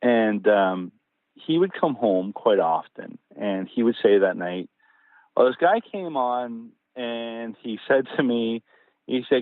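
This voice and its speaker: A man's voice: mid-range voice, slow, no echo. A man from Ontario is a guest author telling family anecdotes in a loose, conversational way. He bursts into acted-out lines of dialogue. His voice comes through a narrow, phone-like line with no room sound. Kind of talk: casual conversational storytelling. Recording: tinny phone line, dry.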